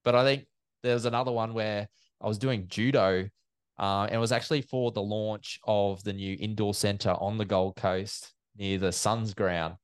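A man who works as an event MC and commentator tells stories in a casual interview, chatty and animated as he acts out quoted exchanges. His voice is fairly low with a clean tone, at a moderate pace, recorded dry with clean studio sound.

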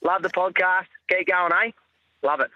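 An Australian man in his thirties tells a yarn over the phone in a relaxed, sweary way. His voice sits a little high. The line is dry and muffled. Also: normal speed, no room sound. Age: 30s. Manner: laid-back storytelling, swears freely. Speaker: caller. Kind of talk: phoned-in voice message. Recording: dull-sounding phone line.

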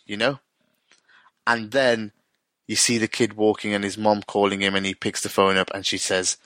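A man's voice: fairly low pitch, level tone, moderate pace, long pauses, a bit bright, dry recording. A man casually retelling a TV episode, full of restarts and acted-out dialogue. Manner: rambling retelling with frequent restarts and quoted dialogue. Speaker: co-host recapping a TV episode. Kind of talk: casual chat.

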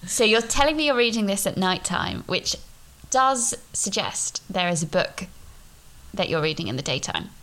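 A woman's voice: mid-range voice, animated, normal speed, a bit bright. A young woman co-hosting a podcast, teasing her friend playfully and laughing often. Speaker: podcast co-host. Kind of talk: casual chat.

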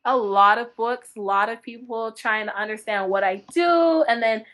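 A young woman from North Dakota, a book blogger guest telling animated stories in casual interview chat, laughing often. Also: fairly high pitch, moderate pace.

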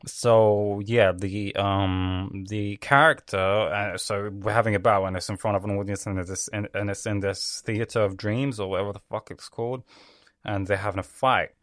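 A man's voice: fairly low pitch, steady tone, normal speed, a bit bright, no room sound, clean studio sound. A young man ranting about a cartoon in a rambling, swearing way with laughing asides. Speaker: video host. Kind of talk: casual profane rant.

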